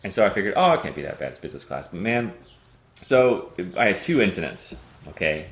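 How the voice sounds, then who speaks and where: A man hosting a casual chat show, telling a wry, animated story. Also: sits low, fairly quick. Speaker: show host. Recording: roomy echo.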